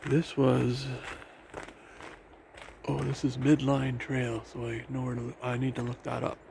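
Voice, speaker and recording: Gravelly man vlogging on a trail. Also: medium pitch, completely flat delivery, a little slow. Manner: rambling, with frequent fillers and restarts. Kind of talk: casual walking tour narration. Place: outdoor forest trail by a river. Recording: noisy outdoor sound with wind and river.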